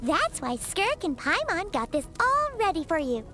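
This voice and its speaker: Squealing little floating companion, bright and singsong for a game. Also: female voice, very high voice, huge pitch swings, normal speed, soft background music, heavily acted. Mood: chirpy. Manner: bubbly, squealing, talks of herself by name. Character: tiny excitable floating girl companion.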